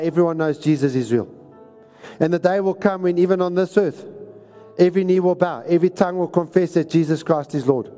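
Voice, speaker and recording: A man's voice: sits high, warm tone. A man preaching a sermon, exhorting and repeating lines for emphasis. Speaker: pastor. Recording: reverberant hall recording.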